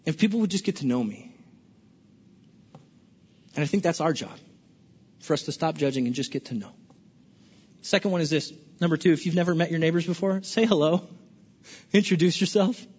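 A man preaching a sermon as a pastor, animated and playful, often stammering and restarting his sentences. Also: a little high, brisk, pauses often, slightly rough. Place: large church hall. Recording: dull lo-fi recording with long hall reverb.

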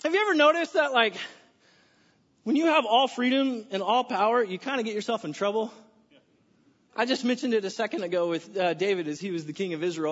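An American man preaching a sermon as pastor, energetic and conversational, with folksy asides. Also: sits high, a little fast. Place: church sanctuary. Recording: dull sound with long hall reverb.

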